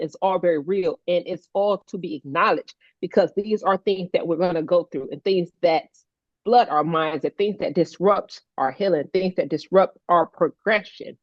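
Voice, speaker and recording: A lively woman with a lowish voice, chatting warmly and laughing often. The recording is dry and a little dull, as if made on a modest mic. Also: no room sound. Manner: animated, playful, laughs often. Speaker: co-host, stroke survivor advocate. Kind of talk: casual heartfelt chat.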